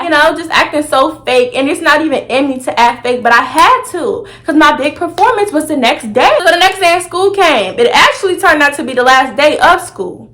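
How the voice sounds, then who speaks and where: A young woman vlogger telling a personal story in a sassy, animated, dramatic way. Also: sits high, a little fast, few pauses. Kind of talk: storytime vlog.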